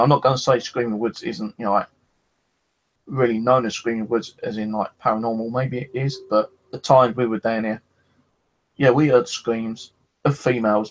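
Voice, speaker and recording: A lowish-voiced paranormal investigator tells his stories over a rough recording with slight background noise. He rambles in a relaxed way about his paranormal experiences, swearing freely and filling gaps with "you know."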